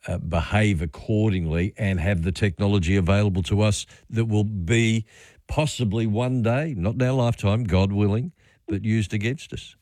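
An Australian man hosting a talkback radio show, chatting in a relaxed, rambling way. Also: on the low side, moderate pace, no echo, clean studio sound. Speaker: radio host. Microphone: studio microphone.

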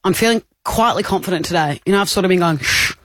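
A woman co-hosting a radio show, chiming in with quick reactions and jokes in casual banter. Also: on the low side, dry recording. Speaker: radio co-host. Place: radio studio. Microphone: studio mic.

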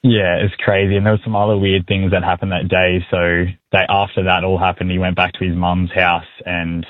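A deep, flat-voiced man calls in over a tinny phone line. He tells his story steadily and matter-of-factly, with a dry, close sound. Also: brisk, no room sound. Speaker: caller. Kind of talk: telling a story on radio.

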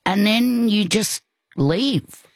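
An older woman, telling a personal story in conversation, halting, with frequent restarts and asides. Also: medium pitch, no echo. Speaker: guest.

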